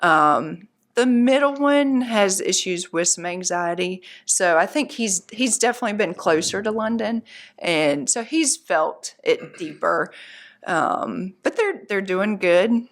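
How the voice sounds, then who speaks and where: A woman's voice: medium pitch, animated, unhurried. A middle-aged woman, a guest, recounting her family's experience in a candid interview, earnest, practical and upbeat in how she talks. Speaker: guest, mother of a patient.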